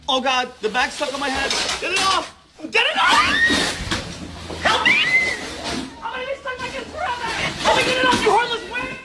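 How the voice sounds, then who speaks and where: Brief: woman playing a frantic high-pitched cat, whiny and swooping. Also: expressive, brisk. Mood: panicked. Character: panicked house cat with a bag stuck on its head. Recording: noisy home video clip.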